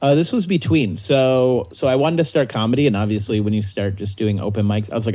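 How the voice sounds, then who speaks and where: Young guy comic telling stories, does little voices for people, mellow warm tone. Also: mid-range voice, brisk, few pauses, low-quality recording. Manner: animated, acts out voices in anecdotes. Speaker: comedian guest. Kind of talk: casual storytelling chat.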